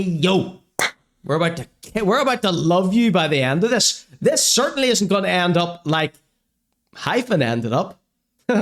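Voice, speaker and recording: A man's voice: high-pitched, a bit bright. A man hosting a comedy podcast, mocking and sarcastic as he reacts to clips. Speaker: podcast host.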